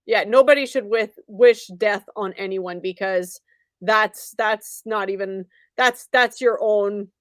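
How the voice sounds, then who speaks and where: A woman's voice: medium pitch, slow, no echo. A woman hosting a talk show who gives her opinions in a loose, conversational way. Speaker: host.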